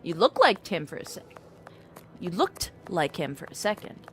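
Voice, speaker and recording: A woman's voice: fairly low pitch, sing-song, moderate pace, fairly bright tone, a little hiss or hum. A woman streaming a game in casual chat, playful and trying out silly voices.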